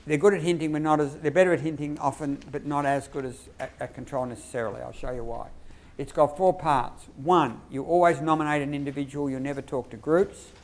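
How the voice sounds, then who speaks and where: A man with an Australian accent giving a lively workshop lecture to teachers, quizzing the audience and acting out classroom phrases. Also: on the high side, a little fast. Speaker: lecturer on behaviour management.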